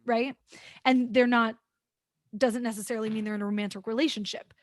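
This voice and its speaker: A woman in her thirties hosts a podcast in a relaxed, explanatory tone and keeps checking in with her listener. Her voice sits a little high. The sound is dry and close, with no room echo. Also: fairly quick. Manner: explains points and checks in with "right?", laughs easily. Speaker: podcast host and teacher. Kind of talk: casual explanatory chat.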